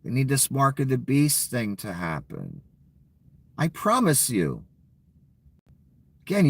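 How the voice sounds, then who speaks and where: A middle-aged man with a lowish voice, recorded dry, rants angrily about politics to his viewers. He's a political commentary vlogger who mocks and sneers sarcastically and swears freely.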